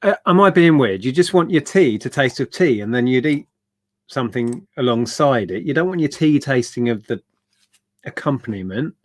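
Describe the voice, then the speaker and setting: A man's voice: medium pitch, animated, normal speed, dry recording. A man co-hosting a live stream, chatting casually in a jokey, playful way. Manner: jokey, playful, mock-indignant.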